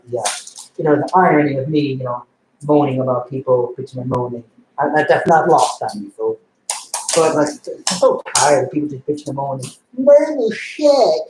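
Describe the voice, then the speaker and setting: A man's voice: a little high, darkish tone. Man, casual rambling rant, profane, roomy echo, faint background noise. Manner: rambling, profane, filler-heavy ranting. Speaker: comic collector vlogger. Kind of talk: casual rant while bagging comics.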